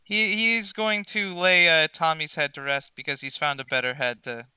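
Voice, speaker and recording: A man narrating as game master, asking dry, deadpan questions. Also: fairly high pitch, moderate pace, clean tone, dry recording.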